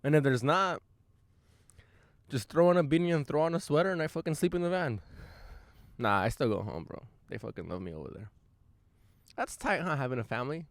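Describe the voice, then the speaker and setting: A young man hosting his own podcast from inside his van, telling a rambling story in a loose, profane and self-amused way, with quick bursts of excitement. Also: fairly high pitch, no echo. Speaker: podcast host. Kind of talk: casual storytelling monologue.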